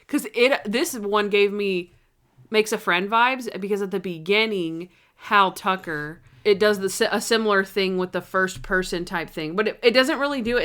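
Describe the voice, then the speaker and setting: A woman co-hosting a podcast in casual chat, rambling through an episode recap and acting out scenes in quick quoted voices. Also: medium pitch, fairly bright tone, clean tone. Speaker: podcast co-host.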